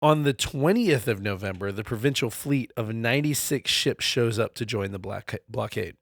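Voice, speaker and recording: A man's voice: medium pitch, animated, normal speed, dry recording, studio quality. A man co-hosting a casual comedy history podcast, telling the story in a loose, profane, laughing way.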